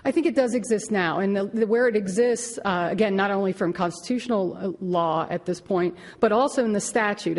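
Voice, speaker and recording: A woman's voice: medium pitch, darkish tone. Woman attorney arguing in a reverberant courtroom. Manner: measured legal argument, frequent restarts. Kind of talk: oral argument in court.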